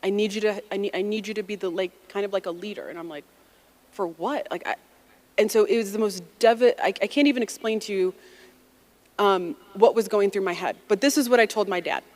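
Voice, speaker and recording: Speaking at a medium pitch and a slightly quick pace, this woman in her forties from the US shares a personal story with an audience. She keeps it lively and chatty, performing each quote as she goes.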